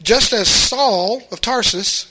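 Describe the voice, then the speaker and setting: Male pastor, folksy sermon delivery, high-pitched and bright. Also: slow pace. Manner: earnest, folksy, with repeated restarts. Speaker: preacher.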